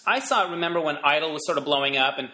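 Low, bright-voiced woman host. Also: lively intonation, racing, reverberant, slight background noise. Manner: breezy, frequent affirmations. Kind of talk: casual interview chat.

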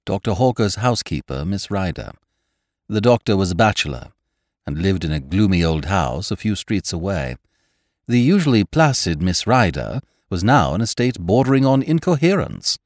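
A man narrating a story aloud in a measured, expressive way. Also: deep voice, no room sound, studio quality. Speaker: audiobook narrator.

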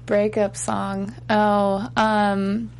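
A woman singer chats slowly and unhurriedly in an interview, pausing often and filling gaps with little hums and laughs. A faint hum sits behind her voice. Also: medium pitch, completely flat delivery. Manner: hesitant, pauses with many fillers, laughs easily. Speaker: singer guest. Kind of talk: casual interview chat.

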